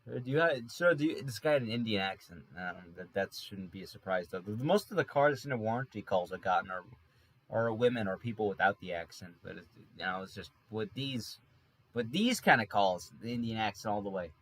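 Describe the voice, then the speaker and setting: A podcast host with a fairly low voice talks fairly quickly, spinning a rambling, wry story in a casual monologue. He keeps correcting himself, recording from a room in an apartment near a highway.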